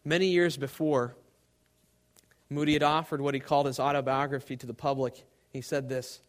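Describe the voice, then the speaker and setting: A man preaching a sermon to a live congregation, swinging between loud emphasis and hushed, quiet tones. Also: mid-range voice, level tone, normal speed.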